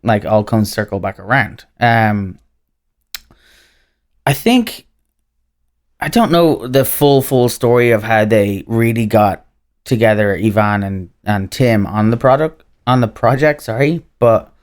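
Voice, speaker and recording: An Irish man from Ireland talks through his answers as a podcast guest. His voice sits on the low side, and he rambles along with lots of ums and likes in a casual, conversational way. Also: expressive, slow pace, pauses often. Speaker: podcast guest, whiskey brand representative. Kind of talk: casual interview chat.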